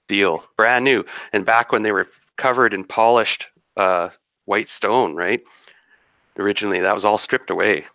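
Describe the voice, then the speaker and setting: A man's voice: on the low side, pushed and bright, no echo. A man narrating as game master of a tabletop game, rambling and descriptive with many restarts.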